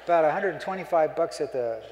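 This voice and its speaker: A man's voice: a little high, lively intonation, quick pace, lo-fi sound, noisy background. A middle-aged man giving a humorous keynote speech, a folksy joking storyteller, speaking on a stage microphone in a conference hall. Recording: echoey hall, live.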